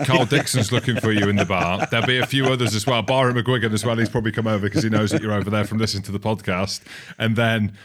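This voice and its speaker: A man co-hosting a podcast in casual banter, teasing and cutting in with quick questions. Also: on the low side, fairly even intonation, a bit bright. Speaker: podcast co-host.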